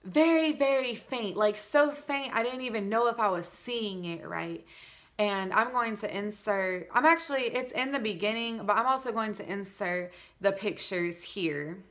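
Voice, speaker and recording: A young woman vlogger, pregnant, chatting casually through a storytime with many likes and animated asides. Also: medium pitch, moderate pace.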